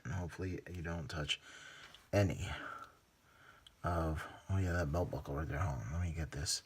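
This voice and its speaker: An extremely low-voiced man runs a hobby painting channel, speaking at a moderate pace with slight background noise. As he works, his casual commentary turns into self-directed mumbling and muttering that often trails into whispers.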